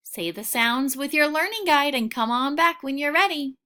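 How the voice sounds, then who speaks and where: A woman teaching a recorded phonics lesson for children, patient and encouraging, sounding out each word clearly. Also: sits high, expressive, sharp tone. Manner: slow, clearly sounding out words.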